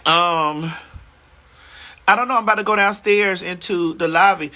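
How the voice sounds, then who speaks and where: A woman's voice: on the low side, normal speed, sharp tone. A woman hosting a casual phone livestream from a hotel room, sassy and playful as she chats back to viewer comments. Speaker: livestream host.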